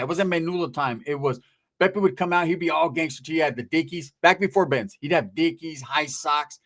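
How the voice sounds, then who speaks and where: Streetwise male storyteller from Northern California; profane, casual, fairly high-pitched. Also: fairly bright tone.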